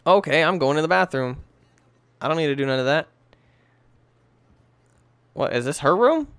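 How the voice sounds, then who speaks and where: A man's voice: on the high side, fairly quick, long pauses, clean tone, no echo. Jokey young-sounding gamer guy commentating. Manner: animated and jokey, talking to himself. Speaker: gamer commentating a let's play. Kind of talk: casual gameplay commentary.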